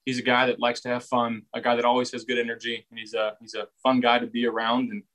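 A young man, a football quarterback, answering reporters' questions in a relaxed way, often repeating words as he finds his phrasing. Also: mid-range voice, fast, poor audio. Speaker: football quarterback at a press session. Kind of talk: casual press interview answers.

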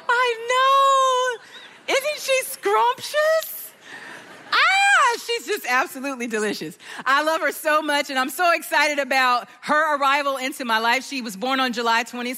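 Middle-aged woman guest speaker; expressive, playful church storyteller with a bright, high voice. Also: in a large hall. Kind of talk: church talk.

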